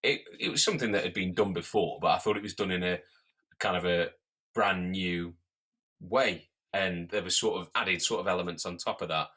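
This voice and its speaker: Deep-voiced chatty man. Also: moderate pace, pushed and bright, breathy edge. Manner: laughs often, loose and chatty with fillers. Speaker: podcast co-host. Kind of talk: casual chat.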